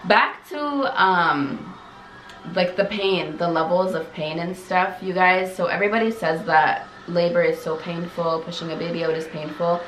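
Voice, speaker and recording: A woman's voice: lowish voice, steady tone, moderate pace, fairly bright tone. A young woman from Canada chatting casually with her viewers, full of "like" and "you guys". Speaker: vlogger. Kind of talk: casual chat. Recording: echoey room with faint noise.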